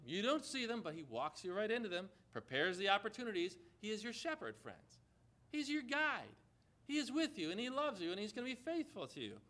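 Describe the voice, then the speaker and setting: A man's voice: high voice, a bit bright. A man preaching a sermon, speaking emphatically and putting rhetorical questions to his congregation.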